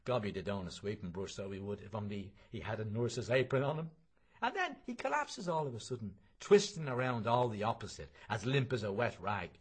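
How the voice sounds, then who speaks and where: A man's voice: fairly low pitch, lively intonation, fairly quick, husky. A man reading a novel aloud in a wry, conversational storytelling way. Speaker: reader.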